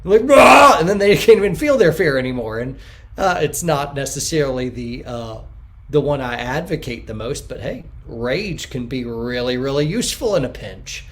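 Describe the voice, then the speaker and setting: A man in an interview who answers at length and acts out the quotes he tells, sometimes bursting out loudly. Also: mid-range voice, animated, normal speed. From United States. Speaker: podcast guest.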